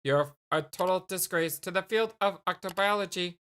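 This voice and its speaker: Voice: medium pitch, moderate pace, a bit bright, pitched above the performer's own voice, natural voice. A let's player reading game dialogue aloud in character as a gleefully threatening alien troll girl, in a cheerful sing-song voice. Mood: gleeful menace.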